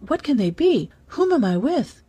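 A woman voicing a timid young princess who pleads gently. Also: on the high side, animated, brisk, slightly rough, faint music behind, voice pushed up. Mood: frightened.

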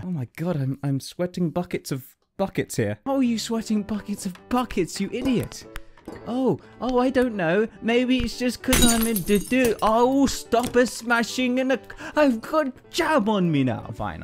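An exasperated man commentates a game, sliding between high yelps and low grumbles. He mocks himself as things go wrong. Faint game music plays underneath. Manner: exasperated, yelping, self-mocking. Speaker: gaming YouTuber.

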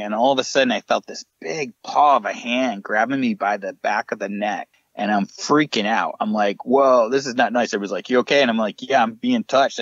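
A man, a paranormal investigator guest on a podcast, telling lively stories and acting out what people said. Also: fairly low pitch, no echo, lo-fi sound. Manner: animated anecdotes with acted-out quotes. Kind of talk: casual podcast storytelling.

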